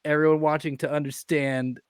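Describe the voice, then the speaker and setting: A man, one of the players, talks in a flustered, rambling way with a slightly high voice. The recording is dry and close. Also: flat delivery, a little fast, clean tone, no echo. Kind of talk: casual chat.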